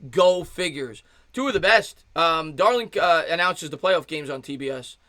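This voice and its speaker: Man in his thirties, fan-streamer play-by-play caller, bright and close-miked, chatty between pitches. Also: normal speed, no echo. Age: 30s. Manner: excited fan calling pitches, thanks chat viewers. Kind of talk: live play-by-play commentary with chat replies.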